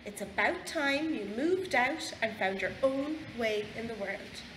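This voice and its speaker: A woman's voice: on the high side, lively intonation, unhurried, reverberant, far from the mic, background noise. A woman with an Irish accent voicing a fed-up mother pig scolding her children in a storybook reading. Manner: exasperated scolding.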